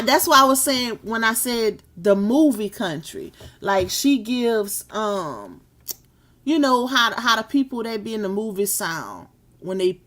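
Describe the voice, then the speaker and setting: A woman's voice: mid-range voice, a bit bright. Chatty woman live streaming. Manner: chatty, laughs often, Southern US slang. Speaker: live stream host reading chat. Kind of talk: casual live stream chat.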